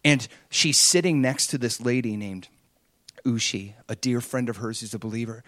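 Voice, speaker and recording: A man's voice: medium pitch, normal speed, a bit bright, no room sound, studio quality. A man preaching an earnest, conversational sermon, retelling a story and acting out the quotes.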